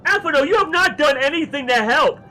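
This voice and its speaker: A man voicing an indignant, exasperated young game hero who shouts in outrage. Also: extremely high pitch, animated, a little fast, a little hiss or hum, pitched above the performer's own voice, heavily acted. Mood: outraged.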